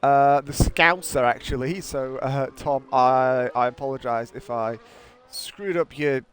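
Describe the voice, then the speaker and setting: A man calling a sim racing qualifying session live, giving brisk play-by-play with frequent "uh" fillers. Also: mid-range voice, background noise. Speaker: sim racing league commentator. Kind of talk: live race commentary.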